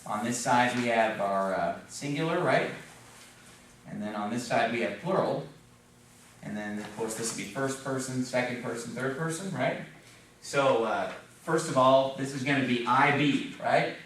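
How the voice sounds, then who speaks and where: A man teaches a class, patient and steady, pausing often to ask the students "okay?" and "right?". His voice sits at an ordinary middle pitch and comes from across the room. The classroom is very echoey, with a faint hum of room noise behind him. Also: recorded from a distance. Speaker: Spanish teacher. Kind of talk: classroom lesson at a whiteboard.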